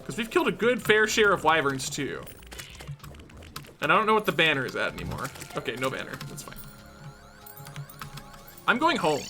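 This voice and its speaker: A streamer talking through a video game live, swinging between excited shouts and quiet muttering. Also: medium pitch, moderate pace, long pauses, faint music behind. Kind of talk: live gameplay commentary.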